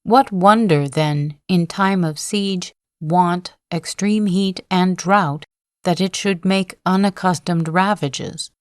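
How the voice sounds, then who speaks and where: A woman's voice: lowish voice, no echo, clean studio sound. A woman reading the lines of a proud, vehement male general in a sleep-story audiobook, with declamatory, impassioned delivery. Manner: declamatory, impassioned oratory at a slow, even reading pace.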